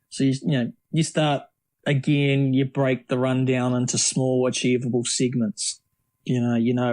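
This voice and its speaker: A middle-aged man talks at a middling pitch. He tells casual, rambling anecdotes as an interview guest, often restarting his sentences. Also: monotone, normal speed, a little mellow. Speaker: triathlete guest.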